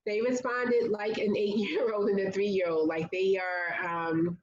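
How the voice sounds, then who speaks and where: A woman's voice: mid-range voice, little pitch movement, measured pace, echoey room, dull audio. A woman speaking as an interview guest, telling a personal story in a candid, conversational way with lots of "like" fillers. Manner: earnest, conversational, many "like" fillers.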